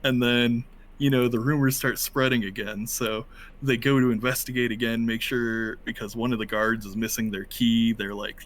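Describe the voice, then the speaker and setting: A man's voice: medium pitch, normal speed. A man in casual chat at a tabletop game, telling an anecdote animatedly and acting out the quotes. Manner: animated storyteller who acts out quoted lines. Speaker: player.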